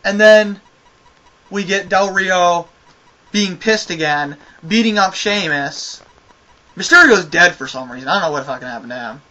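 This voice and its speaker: A man's voice: high voice, moderate pace, pushed and bright, dull audio. A man giving a casual spoken review of a wrestling show, ranting with exasperation and a lot of swearing.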